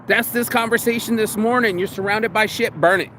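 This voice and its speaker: Fired-up high-voiced man, crude and slangy. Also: fairly even intonation, fairly quick, bright, forceful tone, a little hiss or hum. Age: 40s. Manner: crude, pumped-up, slangy, acts out inner voices. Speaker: podcast host. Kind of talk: motivational monologue.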